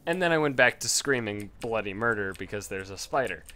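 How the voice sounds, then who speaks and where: Talking a little fast with few pauses, a man rambles over gameplay in a casual story full of swearing, his pitch jumping suddenly when he gets excited. A faint hiss or hum sits in the recording.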